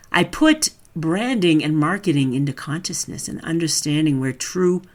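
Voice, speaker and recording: A woman talks through a branding lesson in a casual webinar. Her delivery is loose and chatty, as if she is thinking aloud. She turns direct and emphatic when she is coaching. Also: low voice.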